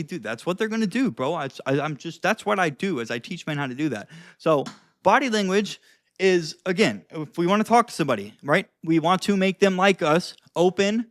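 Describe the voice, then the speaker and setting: High-pitched guy giving blunt social advice, swears a lot, very dry close sound. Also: dry recording. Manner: animated, profane, demonstrates tones of voice. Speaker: social skills and dating coach. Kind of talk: casual advice vlog.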